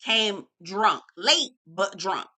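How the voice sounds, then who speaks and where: A woman's voice: mid-range voice, lively intonation, very slow, pushed and bright. A woman reviewing a reality TV show in a casual vlog, sassy, blunt and profane, and she calls everyone "girl.".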